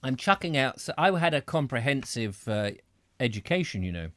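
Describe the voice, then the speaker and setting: Middle-aged male host, rambling and chatty, very animated pitch, dry close sound. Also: moderate pace, dry recording. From Britain. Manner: rambling, self-interrupting, chatty asides. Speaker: reader and host. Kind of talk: live reading with chat comments.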